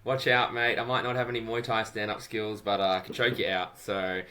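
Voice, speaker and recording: An Australian man hosts a podcast in relaxed, chatty talk, tossing in "mate" as he goes. His voice sits low but sounds bright and forceful. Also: fairly quick. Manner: upbeat, chatty, says "mate" often. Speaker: podcast host. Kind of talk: casual chat.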